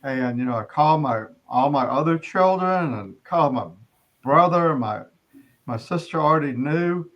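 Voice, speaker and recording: A middle-aged man tells his personal testimony as an interview guest, his voice sitting a little high for a man. He speaks earnestly, often pausing and restarting his sentences. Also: expressive, lo-fi sound.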